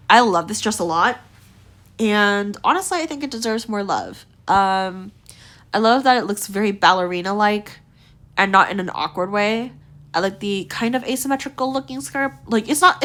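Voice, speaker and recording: Young woman chatting away, lots of likes and ums, voice kinda worn out, middle pitch. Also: a bit bright. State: voice tiring, slightly strained. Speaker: gaming video creator. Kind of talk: casual rating commentary.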